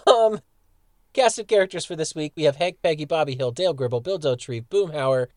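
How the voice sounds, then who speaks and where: A man's voice: fairly high pitch, a little fast, darkish tone, no room sound, studio quality. A man co-hosting a casual podcast, joking and sometimes tripping over his words. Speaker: podcast co-host.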